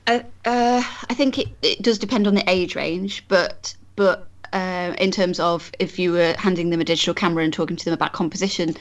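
Woman, podcast guest photographer; low-ish, chatty, warm restarts and fillers. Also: steady tone, brisk, few pauses. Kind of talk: casual podcast conversation.

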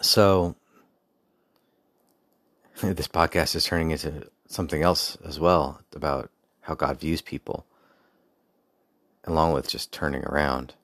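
Podcast host, young adult man, very deep voice, dry close sound, rambling storyteller with restarts. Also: steady tone, a little slow, pauses often, a bit bright, no echo. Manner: rambling, with frequent restarts and asides; faith-focused reflection. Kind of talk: casual personal storytelling.

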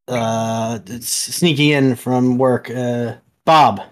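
A man's voice: mid-range voice, steady tone, slow. A man hosting a casual podcast, teasing his friends with crude jokes. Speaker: podcast host. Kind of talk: casual chat.

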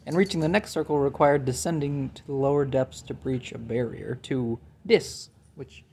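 A man's voice: mid-range voice, fairly even intonation, normal speed, a little mellow, a little hiss or hum. A young man co-hosting a casual podcast chat, jokey and loose, laughing often. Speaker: podcast co-host.

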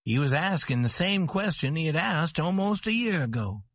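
A man reading a story aloud slowly and clearly for English learners. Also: on the high side, no room sound. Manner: slow, clear, expressive. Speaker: narrator. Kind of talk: slow scripted story narration for English learners.

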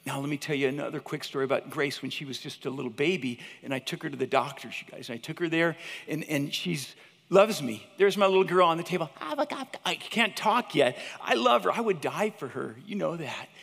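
A man in his fifties with a fairly high voice gives an animated chapel talk, telling stories and calling out "you guys" to the room. His voice carries a long reverb tail from the large hall. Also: quick pace, gravelly. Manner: animated, chatty, addresses listeners as "you guys". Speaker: teacher giving a chapel talk. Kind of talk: storytelling sermon.

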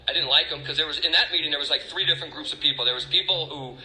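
Fast, bright-voiced man telling his story. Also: a little high, a little hiss or hum. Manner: fast, blunt, self-mocking humor. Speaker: speaker sharing a recovery story. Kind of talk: candid personal storytelling. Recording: echoey room.

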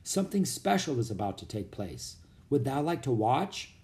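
Male reader doing a young Pilgrim woman: formal, old-fashioned speech, a touch high, lilting. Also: very animated, moderate pace, dark tone. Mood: polite.

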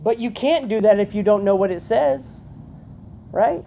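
A woman giving a conversational youth sermon, often checking in with her listeners with a quick "right?". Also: medium pitch, vocal fry, mellow, a little hiss or hum. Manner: chatty, keeps asking "right?". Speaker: youth pastor.

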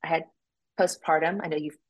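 Lower-voiced woman telling a personal story. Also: a little fast, low-quality recording. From United States. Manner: animated, acts out quoted voices with sudden jumps in pitch. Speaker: podcast guest. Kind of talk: casual interview storytelling.

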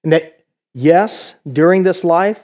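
A man's voice: a little high, slow pace, darkish tone. A middle-aged male pastor preaching a conversational sermon in a church, full of rhetorical questions.

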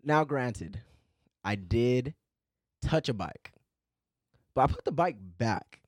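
A man in casual chat who tells stories in an animated way and swears a lot. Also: mid-range voice, slow pace, no echo, clean studio sound.

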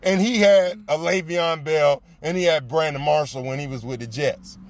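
A man telling a story in casual chat, animated and profane, laughing often and repeating lines for emphasis. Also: a little high, normal speed.

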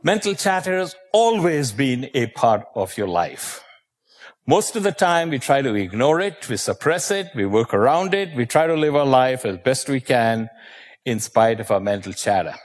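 A man giving a motivational talk, telling stories and asking the audience questions, with slow emphatic words and dramatic pauses. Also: mid-range voice, big pitch swings. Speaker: motivational speaker.

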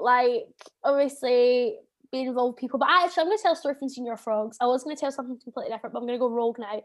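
A Scottish woman in her twenties, co-hosting and telling a story in a loud, animated way. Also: high-pitched. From Scotland. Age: 20s. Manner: animated, loud bursts when acting out moments. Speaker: podcast co-host. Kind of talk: casual storytelling chat.

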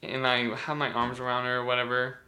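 Bright-voiced young guy telling a story. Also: mid-range voice, monotone, a little hiss or hum. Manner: rambling, laughing, drawn-out filler words. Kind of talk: casual storytelling chat.

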